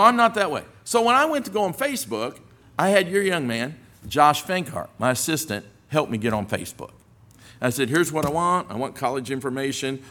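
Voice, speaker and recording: An older man preaching a sermon, telling folksy stories with humor and rising to forceful emphasis on scripture. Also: on the high side. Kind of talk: sermon with storytelling.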